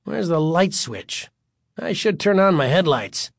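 A man's voice: a little high, sing-song, unhurried, gravelly, dry recording, studio quality, pitched above the performer's own voice, heavily acted. A man voicing an eager middle-aged father showing off a new car, boastful and defensive.

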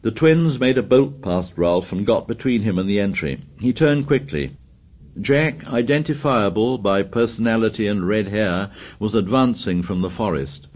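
Brief: lower-pitched male narrator, steady measured reading. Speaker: audiobook narrator. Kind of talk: scripted narration.

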